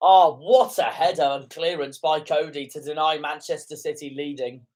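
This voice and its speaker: A young man calls a football match live in a fan reaction commentary, his voice sitting a touch higher than most men's. He grows indignant and swears at calls he thinks are wrong. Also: fairly even intonation, normal speed, darkish tone.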